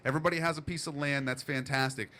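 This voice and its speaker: A man's voice: medium pitch, fairly even intonation, fast talker, sharp tone, a little hiss or hum. A man guesting on a casual podcast, telling stories with lots of swearing. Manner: profane, breathless storyteller. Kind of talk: casual storytelling.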